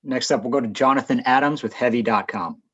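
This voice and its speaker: Brisk male moderator calling up reporters. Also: mid-range voice, fairly bright tone, breathy edge. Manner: brisk, formal. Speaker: press conference moderator. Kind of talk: announcing the next questioner. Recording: dull lo-fi stream audio.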